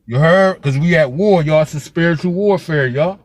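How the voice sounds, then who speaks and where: A man's voice: fairly high pitch, moderate pace, dry recording, studio quality. A man from Pennsylvania giving a fiery, profane street vlog rant as a local commentator, with the same curse repeated throughout.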